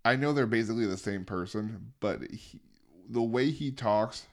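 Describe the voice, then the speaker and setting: A man's voice: fairly low pitch, vocal fry. A man co-hosting a podcast, recapping episodes in casual chat with mocking asides. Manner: recaps at length, mocking, quick joking asides. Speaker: podcast co-host.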